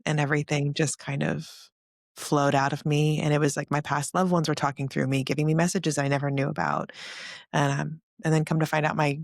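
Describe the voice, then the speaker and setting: A woman with a gravelly, creaky voice talks through her own story as a podcast guest. She speaks earnestly, one thought tumbling into the next. The sound is close and dry, with no room around it. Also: deep voice, flat delivery, a little fast, no echo. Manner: earnest, tumbling, emotional retelling. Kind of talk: personal storytelling in a casual interview.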